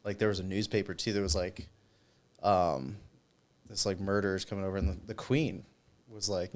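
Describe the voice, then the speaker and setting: A young man hosting a podcast, chatting casually in a rapid, animated way full of fillers. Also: deep voice. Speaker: podcast host. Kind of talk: casual chat.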